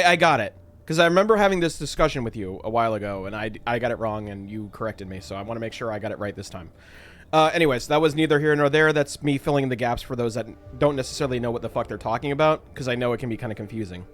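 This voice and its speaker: A man's voice: mid-range voice, fast talker, fairly bright tone. Rambling, joking man streaming a game. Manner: rambling, joking explanatory asides. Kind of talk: casual live-stream chat.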